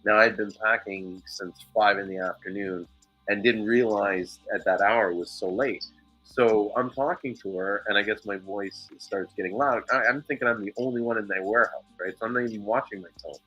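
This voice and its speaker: A man's voice: on the low side, normal speed, sharp tone, husky, lo-fi sound, soft background music. A man hosting a casual chat show who tells a heated, profane story. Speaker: podcast host.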